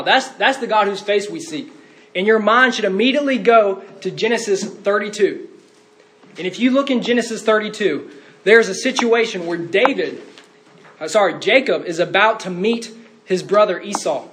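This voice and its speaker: A man's voice: high-pitched, a bit bright. A man preaching a sermon in an earnest way, rising to fervent cries when quoting.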